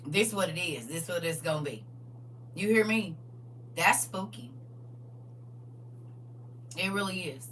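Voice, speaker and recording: A woman hosting a casual livestream, reading viewer comments aloud and preaching in a lively way with frequent laughs. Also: on the low side, unhurried, pauses often, distant mic, a little hiss or hum. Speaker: livestream host.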